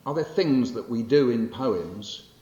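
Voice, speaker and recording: A man's voice: medium pitch, lively intonation, measured pace, dark tone. A man in his sixties from England, a poet giving a public lecture in a library hall, who talks in a wry, conversational way with fillers and self-corrections. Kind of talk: lecture with poetry readings. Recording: roomy, muffled hall recording with faint hiss.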